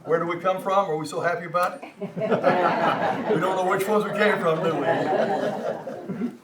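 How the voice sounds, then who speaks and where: An older man with a Texan accent teaches a community language class, lecturing from slides in a halting, folksy style. He often repeats words and jokes with his students. His voice is high with fairly even intonation, and the recording sounds roomy, with a distant mic and a faint hum.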